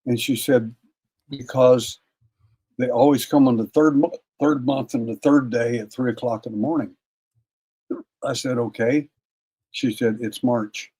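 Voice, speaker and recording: An older man, a guest on an interview, telling a long personal story in a folksy, casual way, often repeating words and clearing his throat. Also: medium pitch, fairly even intonation, measured pace, long pauses, warm tone. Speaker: interview guest, paranormal investigator.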